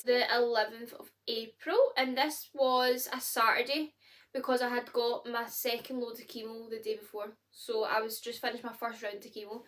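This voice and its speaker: A young Scottish woman in her twenties, chatting casually to camera as a vlogger, candid and expressive with lots of fillers. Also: fairly high pitch.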